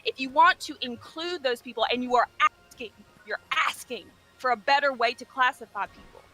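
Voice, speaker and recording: A woman with a Southern US accent argues in a high, bright, sharp voice. She is combative and condescending, swearing as she presses her point, over faint music. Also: brisk. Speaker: debater. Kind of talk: heated online debate.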